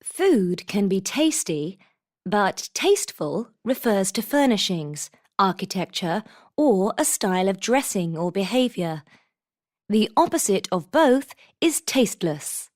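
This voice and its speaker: A woman reading vocabulary examples for a textbook in a clear, deliberate manner. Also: mid-range voice, very animated, darkish tone. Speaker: textbook audio reader.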